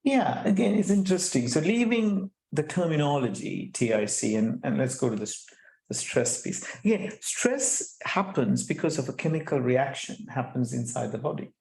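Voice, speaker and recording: A middle-aged man speaking as a guest, animated, often restarting and repeating words and putting rhetorical questions to the audience. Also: fairly high pitch, normal speed, vocal fry. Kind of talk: conversational talk at an online chapter event. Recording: echoey room sound.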